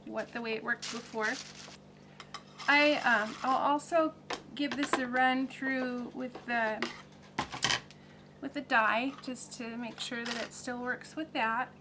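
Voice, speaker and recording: A woman's voice: fairly high pitch, noisy background. A woman hosting a crafting video, demonstrating and explaining in a practical, plain-spoken way with some fillers. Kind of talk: casual demonstration tutorial.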